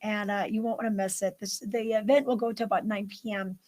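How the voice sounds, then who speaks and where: A woman's voice: medium pitch, fairly even intonation, a little fast, a little mellow, rough recording. A woman hosting a live morning news show, chatting upbeat and running through local events with plenty of fillers. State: out of breath.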